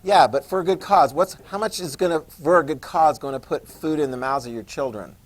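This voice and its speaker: A man's voice: on the high side, a little fast, rough recording. A man teaching a history class in a joking lecture style, quizzing students and acting out quotes.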